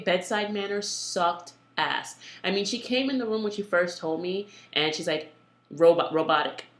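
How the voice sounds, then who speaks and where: Young woman, candid birth story, bright forceful voice, blunt and animated, echoey room. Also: on the low side. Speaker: vlogger telling her birth story. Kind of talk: emotional personal storytelling.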